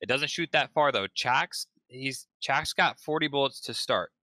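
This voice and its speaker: A man with a very bright, sharp voice talks casually about a game, rambling and joking. The sound is dry and close. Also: mid-range voice, a little slow, no room sound. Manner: rambling, joking, many fillers. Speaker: gaming podcast co-host. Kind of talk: casual chat.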